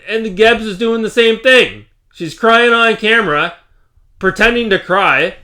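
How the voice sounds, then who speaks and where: A man's voice: high voice, sharp tone. A Canadian man hosting his gaming channel, ranting casually to camera in an exasperated, repetitive way.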